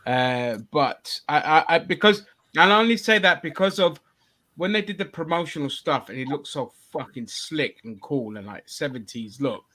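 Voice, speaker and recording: A man's voice: on the high side, lively intonation, moderate pace, bright, forceful tone. A man hosting a casual review podcast, talking bluntly, swearing freely and steering the discussion. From England. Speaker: podcast host.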